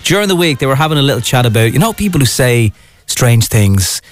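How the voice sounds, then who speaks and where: A man's voice: mid-range voice, sing-song, fairly quick. A man presenting a radio show, announcing the station and upcoming hosts in chatty patter.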